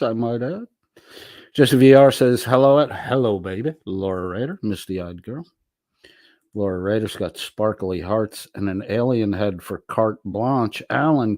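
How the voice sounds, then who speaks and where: A man's voice: fairly low pitch, darkish tone, dry recording, clean studio sound. A man hosting a livestream, reading viewer comments aloud with profane, wisecracking asides. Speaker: livestream host reading chat.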